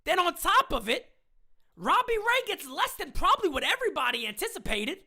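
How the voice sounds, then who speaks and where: A woman hosting a fan live stream, ranting in a fiery, profane way, often shouting and repeating lines for emphasis. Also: extremely high pitch, sing-song, brisk. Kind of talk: heated live-stream rant.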